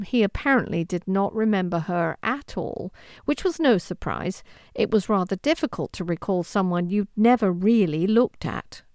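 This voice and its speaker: A woman reads a historical romance aloud with expressive storytelling. Her pitch moves freely, rising and falling through the sentences. The recording is close and dry, with no room sound. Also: normal speed, no room sound. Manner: expressive, with lively intonation. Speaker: audiobook narrator. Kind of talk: scripted narration of a historical romance.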